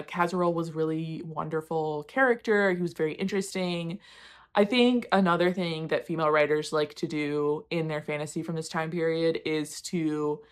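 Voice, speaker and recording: A woman casually reviewing books she read, candid and rambling, often poking fun at herself and swearing offhand. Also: low voice. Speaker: book reviewer. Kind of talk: casual book wrap-up chat.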